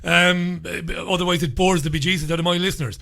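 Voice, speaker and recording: A man's voice: sits high, steady tone, fast, creaky, pushed and bright. A man hosting a radio talk show, chatting casually and rambling with plenty of filler words into a studio microphone.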